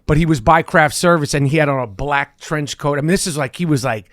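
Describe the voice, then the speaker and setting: A man in his fifties talks as a podcast guest in an excitable, rambling way, swearing freely. His voice sits slightly high for a man. The studio sound is dry and close. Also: a little fast, dry recording. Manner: excitable, profane, rambling with restarts. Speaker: guest actor. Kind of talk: casual chat.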